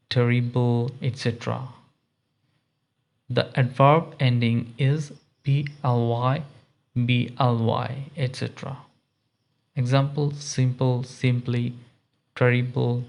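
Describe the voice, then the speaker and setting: Slow, measured male grammar teacher. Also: mid-range voice, creaky, a little mellow. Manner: reads word lists in a measured, deliberate cadence. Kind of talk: slow scripted grammar lesson.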